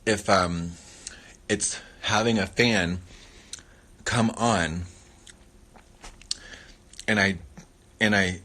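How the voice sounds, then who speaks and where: A man's voice: on the low side, steady tone, drawn-out words, long pauses, bright, forceful tone. A man hosting a casual livestream, chatting playfully while he eats and rambling between muttered catchphrases. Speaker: livestream host.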